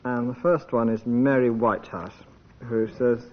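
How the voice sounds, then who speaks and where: A man's voice: mid-range voice, steady tone, moderate pace. A man trading playful quips as a comedy panelist on a radio game show. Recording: dull 1980s radio recording with hiss.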